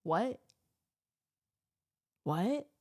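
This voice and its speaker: A woman's voice: medium pitch, very animated, very slow, dry recording, studio quality. A woman hosting her own podcast, ranting solo in a sarcastic, profane, opinionated way. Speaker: podcast host.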